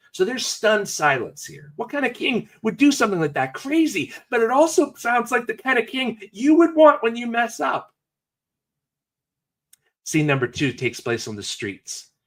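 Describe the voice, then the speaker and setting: A male pastor giving a sermon, telling a story in an animated, conversational way with jokey asides. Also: fairly high pitch.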